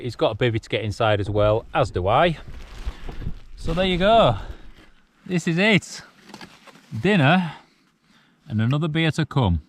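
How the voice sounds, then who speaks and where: Relaxed man in his forties outdoors. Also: medium pitch, dry recording. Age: 40s. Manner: relaxed, reflective, chuckling now and then. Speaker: solo wild camping vlogger. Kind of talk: casual chat to camera. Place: outdoors on a cold mountain at night.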